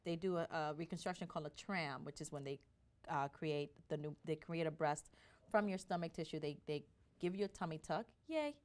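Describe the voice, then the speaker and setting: A woman telling her personal story as an interview guest, in an animated way with frequent restarts. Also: low-pitched, fairly quick.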